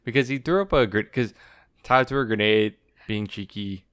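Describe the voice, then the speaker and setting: A young adult man co-hosting a podcast in casual chat, relaxed and filler-heavy, often quoting his own reactions. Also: fairly low pitch, moderate pace, clear, resonant tone. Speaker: podcast co-host.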